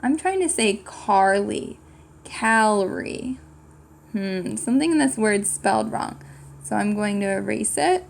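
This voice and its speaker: A woman's voice: medium pitch, lively intonation, moderate pace, creaky, darkish tone, a little hiss or hum. A woman teaching a writing lesson to young children, patiently thinking aloud and sounding out words. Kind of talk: slow, clear classroom lesson for young children.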